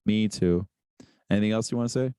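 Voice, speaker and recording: A man's voice: on the low side, fairly quick, mellow, clean tone, no echo. A man co-hosting a podcast in casual chat, joking around and slipping into impressions. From New York. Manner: jokey, slips into impressions. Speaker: podcast co-host.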